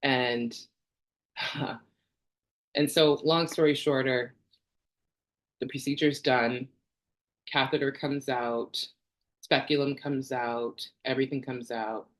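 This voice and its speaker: Woman in her forties, from Canada, candid chatty vlogger, rambling asides, quick laughs. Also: a bass voice. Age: 40s. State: tearful at times. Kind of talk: personal health vlog.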